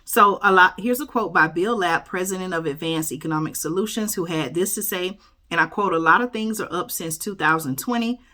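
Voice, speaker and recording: This YouTube host reads the news casually in a lowish, bright and forceful voice at a fairly quick clip. She comments on the article, keeps adding "y'all" and "okay?", and trips over words before fixing them.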